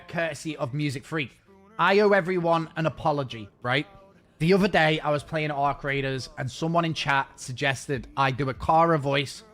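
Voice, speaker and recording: Chatty self-mocking man, fairly high voice. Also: fairly bright tone. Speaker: game streamer. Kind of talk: casual chat with viewers.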